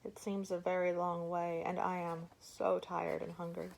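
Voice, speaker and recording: A woman voicing a weary, desperate mother who pleads with animals and then shouts at an elephant. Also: lowish voice, little pitch movement, normal speed, creaky. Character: desperate tired mother searching for her children.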